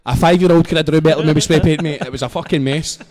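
Man, Glaswegian accent, fairly high voice, sweary storytelling, laughs while talking, hall reverb. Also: steady tone, fast, crowd noise. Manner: sweary, laughs through his story, acts out scenes. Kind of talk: casual anecdote telling. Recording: long reverb in a hall-like room.

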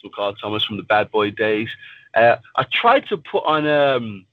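A man's voice: fairly low pitch, very animated, a little slow, no echo, narrow, tinny audio. A man, a professional fighter, talking casually and bluntly in an interview and swearing freely. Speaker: pro fighter guest.

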